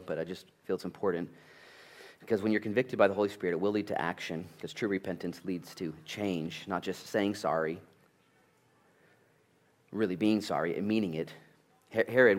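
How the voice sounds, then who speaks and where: Pastor, male, slightly low voice, animated sermon storyteller. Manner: animated storytelling, acts out family dialogue.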